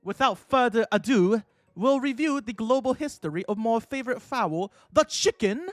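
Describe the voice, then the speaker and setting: A small, eager dog professor addresses his class , voiced by a man in a clumsy fake British accent. The voice sits high, with a formal, fussy lecturing manner. It is recorded dry and close, with faint music behind. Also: lively intonation, moderate pace, no room sound. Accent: deliberately bad put-on British.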